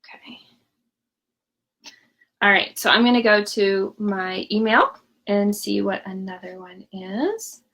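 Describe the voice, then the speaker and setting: A woman's voice: mid-range voice, expressive, slow pace, pauses often, a bit bright. A woman hosts a live question-and-answer session for parents. She explains things in a friendly, conversational way. She talks from home. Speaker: parenting coach.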